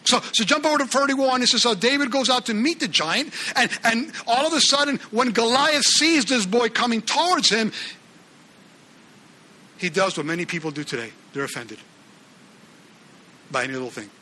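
Guy preaching, high bright voice, really animated, keeps restarting his lines. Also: normal speed, pauses often. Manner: animated preaching, acts out the Bible characters' lines. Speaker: pastor. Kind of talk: sermon.

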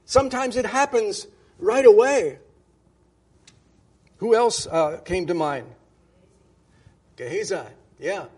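A pastor with a fairly high, husky voice and a darkish tone preaches a sermon to his congregation. He speaks loosely and conversationally, often restarting phrases and putting emphasis on the scripture he quotes.

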